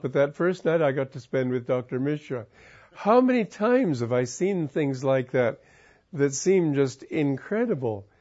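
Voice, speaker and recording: Calm musing man, muffled lo-fi recording. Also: a little high. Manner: calm, musing, wandering sentences. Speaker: spiritual teacher. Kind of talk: reflective spiritual talk with personal story.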